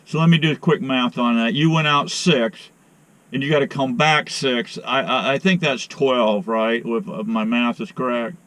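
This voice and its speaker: A middle-aged man with a sore arm talks to his viewers in a folksy, rambling way at an everyday pitch. He grows exasperated on a phone call. His voice is recorded close and dry, with no room echo. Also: fairly even intonation, normal speed, fairly bright tone. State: sore arm after a shot. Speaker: outdoor vlogger and beekeeper. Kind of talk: casual vlog talk to viewers.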